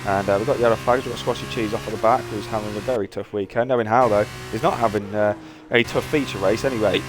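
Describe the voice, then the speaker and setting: A man commentating a sim racing league race, excitable and swearing casually. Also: fairly low pitch, fast talker, hardly any pauses, music in the background. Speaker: lead commentator.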